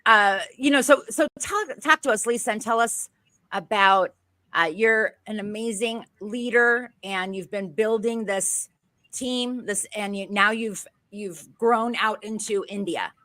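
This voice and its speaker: As co-host of a show, a woman chats bubbly and casually in an interview, rambling through her questions. Her medium-pitched voice is pushed and bright, and she's unhurried. The studio-quality recording has no echo.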